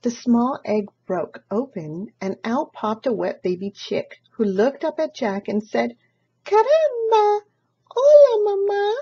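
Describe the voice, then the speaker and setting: A woman reads a children's picture book aloud, slow and full of lively pitch swings. Her voice is mellow and a little husky. The recording sounds dull and lo-fi. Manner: expressive, slow storytelling. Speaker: storybook reader. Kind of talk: children's story read-aloud.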